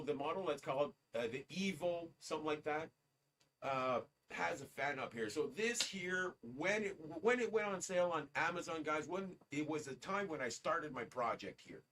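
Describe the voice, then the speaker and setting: A man's voice: a little high, fairly bright tone, far from the mic, a little hiss or hum. A man hosting a casual livestream, rambling and talking straight to his chat as "guys". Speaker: livestream host. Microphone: streaming setup.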